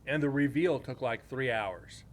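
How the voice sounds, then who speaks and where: A man telling a story from one of his paranormal investigations to his live chat, rambling and casual. His pitch sits in the everyday middle for a man, and he drifts into crude jokes aimed at the viewers. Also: measured pace.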